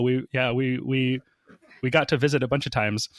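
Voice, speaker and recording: A man's voice: mid-range voice, steady tone, brisk, dry recording. A man sits close to a dry, deadened microphone and tells a loose, rambling story in a mid-range voice. He fills gaps with "like" and "um" and briefly acts out each person he quotes. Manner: chatty, many fillers, acts out quoted people. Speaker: podcast guest. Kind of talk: casual storytelling on a podcast.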